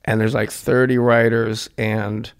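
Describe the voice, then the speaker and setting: A man's voice: mid-range voice, measured pace, creaky, smooth. A middle-aged man telling comedy stories as a podcast guest, acting out voices as he goes. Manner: animated, acts out voices in his stories. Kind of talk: casual storytelling.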